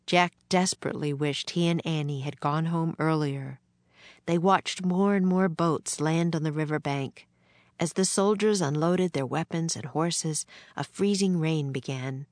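Audiobook narrator, woman, measured and slow, deep for her range. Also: a little mellow, dry recording. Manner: measured, clear storytelling. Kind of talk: scripted narration.

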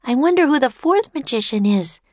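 A woman's voice: sits high, no echo, pitched above the performer's own voice. Woman doing an eager little girl. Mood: wondering. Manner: excited, quick to exclaim. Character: eager curious young girl.

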